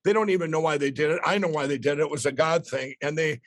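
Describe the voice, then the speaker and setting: A man, telling a rambling, excited story as a podcast guest. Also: a little high, quick pace, no echo.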